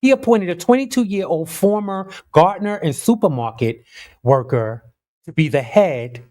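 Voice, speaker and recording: Animated man riffing on the news. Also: sits high, normal speed. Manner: animated, incredulous, talks straight to viewers. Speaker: news commentary vlogger. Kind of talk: casual news commentary.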